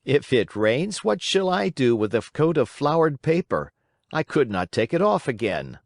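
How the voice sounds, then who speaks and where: A man's voice: medium pitch, very animated, moderate pace, dry recording, studio quality, voice pushed up. A man voicing a sensible little boy who speaks in a matter-of-fact, scornful way.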